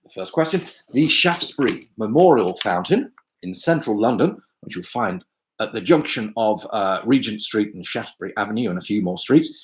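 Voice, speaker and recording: A man with a lowish voice runs a pub quiz on a video call from his home, keeping up a chatty banter full of fillers and joking asides. The audio quality is rough.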